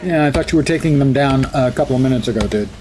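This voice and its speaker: A man's voice: mid-range voice, fast, a little mellow, slight background noise. A man giving casual, sarcastic commentary while livestreaming a game. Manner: sarcastic, wry asides to chat. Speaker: livestream gamer.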